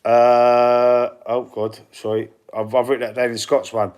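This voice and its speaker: A Cockney-accented, middle-aged man hosts a football livestream, chatting through predictions and reading out viewer comments, with frequent stumbles and repeated words. His mid-range voice is clean and darkish, level in tone, at a measured pace.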